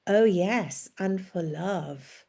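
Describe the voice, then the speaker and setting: A woman narrator voicing a kindly, knowing French village woman who speaks in a friendly, gently instructive way, in a storybook reading. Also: lowish voice, very slow, full character voice. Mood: warm.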